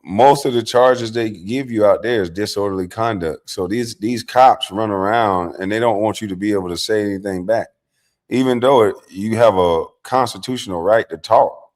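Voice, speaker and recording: A middle-aged man hosting a livestream, telling stories in a casual, profane, animated way, dropping from low mutters to loud outbursts. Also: moderate pace. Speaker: livestream host.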